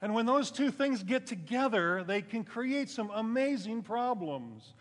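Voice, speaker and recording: A man preaching a sermon in a conversational way, rising for emphasis and then dropping low. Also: sing-song, unhurried. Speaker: pastor. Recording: long hall reverb.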